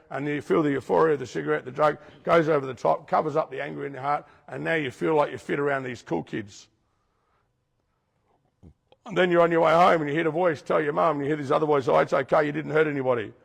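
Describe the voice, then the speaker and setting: Gravelly, husky man preaching in a hall. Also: a little high, fast. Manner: repetitive, questions the audience directly. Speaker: speaker teaching a recovery group. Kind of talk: preaching-style talk to a group. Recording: long hall reverb.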